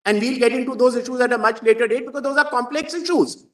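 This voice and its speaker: A man's voice: very high-pitched, fast talker. A man with an Indian English accent arguing before the bench as an advocate, formal and insistent, addressing the judges as my lords. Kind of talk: courtroom argument. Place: courtroom. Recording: roomy, far from the mic.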